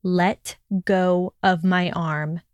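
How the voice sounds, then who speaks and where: Defiant young witch, a woman reading her lines: sharp, snappy retorts, a little higher. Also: big pitch swings, normal speed, no room sound, muffled recording. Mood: clipped.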